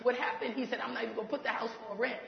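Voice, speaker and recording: Brisk woman ministry leader, animated testimony with laughs, heard in a big echoing hall. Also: a little high, gravelly. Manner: animated, laughs while talking, acts out quoted voices. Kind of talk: testimony storytelling. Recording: echoey hall, dull lo-fi sound.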